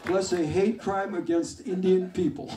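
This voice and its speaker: A male comedian voicing an ex-convict who reads a slow, loud, earnest commercial for his lawyer, in an echoey club with a crowd. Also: high-pitched, fairly even intonation, far from the mic, background noise, voice pushed up. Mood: proud. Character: ex-con man doing a slow, proud lawyer ad.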